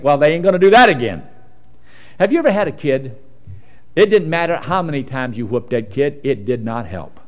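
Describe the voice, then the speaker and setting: Male preacher, fairly high and very animated, folksy sermon delivery, loud then low. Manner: folksy, swings from loud emphasis to low asides.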